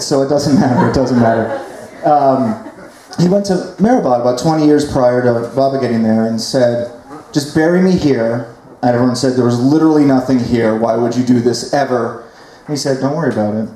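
A man's voice: mid-range voice, warm tone. A young man doing a chatty, self-deprecating stand-up comedy set for a live audience. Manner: self-deprecating, chatty, leads the crowd in chants. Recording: echoey hall, crowd noise.

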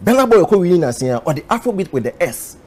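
A man's voice: sits high, big pitch swings, quick pace, a little mellow. A Ghanaian man in a heated argument, lecturing and listing his points. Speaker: music critic.

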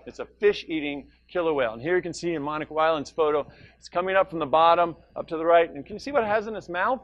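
A man's voice: a little high, no room sound, lo-fi sound. A man giving a public science lecture, enthusiastic and conversational, who often checks in with "right?" and narrates slides and video with jokes. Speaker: guest lecturer, marine scientist.

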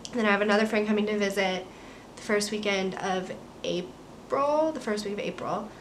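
A young American woman with a medium-pitched voice talks at a moderate pace, with slight background noise. She's a college student studying abroad, giving a casual vlog update from her apartment. Bubbly and rambling, she leans heavily on "like" and "um."

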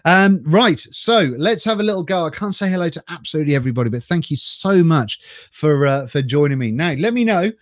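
A man's voice: on the high side, lively intonation, fairly quick, no room sound, studio quality. An English man chatting casually on a live stream, greeting viewers by name and laughing often, speaking into a desk mic through a mixer. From England. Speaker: vlogger reading live chat.

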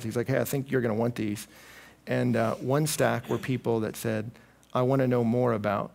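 A gravelly, somewhat husky man in his thirties preaches a sermon. He tells his stories in an animated way, and his pitch climbs sharply when he acts out other people's words. He sits at a middle pitch for a man. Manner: animated storytelling, acting out quoted voices with big pitch jumps.

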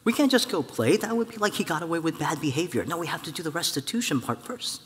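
A man preaching a sermon as a church elder, telling a personal story in a lively way and acting out the voices of the people in it. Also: a little high, quick pace, a little hiss or hum. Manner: animated storytelling, acts out voices, laughs at own story. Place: church hall. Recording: church hall with long reverb.

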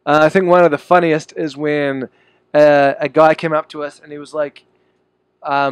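A young man with a New Zealand accent talks in a relaxed, easygoing way as a musician giving an interview. His voice sits a little high for a man. The sound is close and dry, with no room echo. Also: normal speed, clear, resonant tone. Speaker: band musician, interview guest. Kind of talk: casual interview chat.

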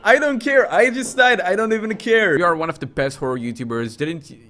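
A young man streaming a game, commenting loudly with crude jokes and sudden yells. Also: high voice, brisk, slight background noise. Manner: excitable, yelling and crude joking. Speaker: gaming streamer.

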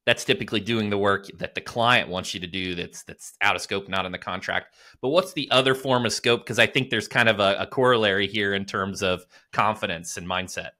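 A man hosting a podcast interview, asking questions in a halting way with many restarts. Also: lowish voice, pushed and bright. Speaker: podcast host.

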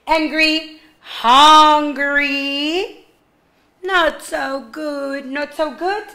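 Animated bilingual woman teacher; bright tone, unhurried pace for little kids. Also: sits high. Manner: animated, switches between English and Spanish, sings prompts. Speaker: kindergarten English teacher. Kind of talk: online class for young children.

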